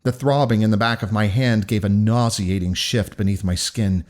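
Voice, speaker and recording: A man reading a novel aloud for a podcast in an expressive audiobook style, breaking off to joke between takes. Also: lowish voice, normal speed, few pauses.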